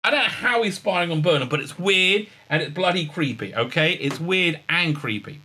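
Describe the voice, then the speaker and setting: A man's voice: fairly high pitch, animated, normal speed, bright, forceful tone, slightly rough. A man hosting a casual review vlog, sarcastic and mocking, rambling with many fillers. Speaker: show host and reviewer.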